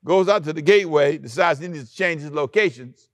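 A man pastor preaching a sermon in an animated way, acting out quoted lines and chuckling often. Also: on the high side, a little fast, dry recording.

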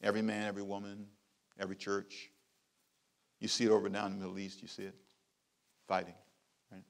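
A middle-aged man, a pastor, preaching a sermon with emphatic repeated phrases and big swings in loudness. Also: on the low side, little pitch movement, fast, vocal fry, long pauses.

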